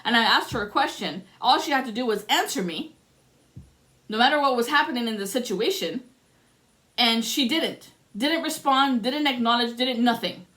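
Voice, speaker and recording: A woman's voice: on the high side, expressive, normal speed, bright, forceful tone. A woman speaking as a spiritual reader in a passionate, profane rant to her viewers. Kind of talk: emotional monologue to camera.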